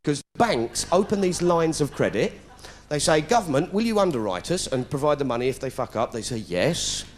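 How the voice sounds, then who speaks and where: A man's voice: on the high side, sing-song, fairly quick, hardly any pauses, a little hiss or hum. A middle-aged British man telling a sarcastic stand-up story, putting on voices as he goes. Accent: British English. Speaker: comedian. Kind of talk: stand-up comedy routine. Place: stage before a live audience.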